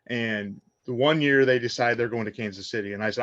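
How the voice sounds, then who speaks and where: A man's voice: medium pitch, a little fast, dry recording. A middle-aged man from Indiana, a guest on a fan podcast. He chats casually and tells long stories, slipping into the voices of the people in them. His voice sounds close and dry, with a slightly muffled, dull tone. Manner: animated storyteller, acts out quotes. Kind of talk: casual chat.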